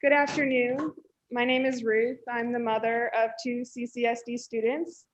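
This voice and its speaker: A woman's voice: a little high, steady tone, moderate pace, slight background noise. A woman, a mother and educator, reading an earnest prepared statement during public comment at a school board meeting. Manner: earnest, pleading. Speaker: parent speaking at public comment. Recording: dull lo-fi meeting audio.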